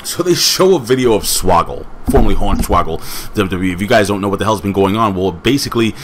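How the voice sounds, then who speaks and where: Low-voiced rambling wrestling reviewer man. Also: expressive, quick pace, background noise. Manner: rambling, with joking asides; talks to off-camera friend. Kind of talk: casual video review.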